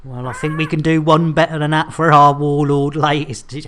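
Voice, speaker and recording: With a low, flat delivery at normal speed and a little hiss or hum in the audio, a British woman hosts a casual gaming livestream. She's chatty and joking with her audience, laughs a lot, and repeats catchphrases.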